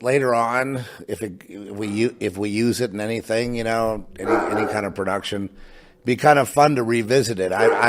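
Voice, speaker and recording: A middle-aged man from a home studio, rambling in a casual monologue, halting with many restarts and asides. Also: fairly low pitch. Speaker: podcast host. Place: home in New Mexico.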